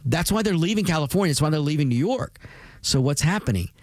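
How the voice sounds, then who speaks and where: A man's voice: a little high, animated, quick pace, darkish tone, no room sound. A male radio host drives through an emphatic political monologue, circling back to repeat his points and calling out to his listeners. The sound is close and dry, with no room around it. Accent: Spanish-rolled R's on Latin words. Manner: emphatic, repetitive, addresses listeners as folks. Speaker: radio talk show host.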